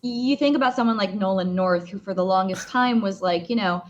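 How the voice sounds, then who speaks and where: A woman voice actor talking casually in an interview, chatty with many fillers and restarts, with a slightly rough morning voice. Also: medium pitch, fairly quick, highs cut off. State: morning voice, clearing throat. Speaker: voice actor guest.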